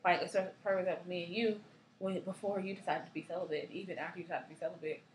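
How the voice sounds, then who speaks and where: Woman, quick chatty delivery, laughing asides, roomy echo, faint background hum. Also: on the low side, steady tone. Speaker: co-host. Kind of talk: casual chat.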